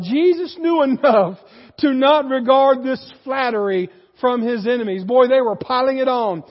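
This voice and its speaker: A man preaching a sermon, animated, rising in force and then dropping low for emphasis. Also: big-room sound, dull audio. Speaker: pastor.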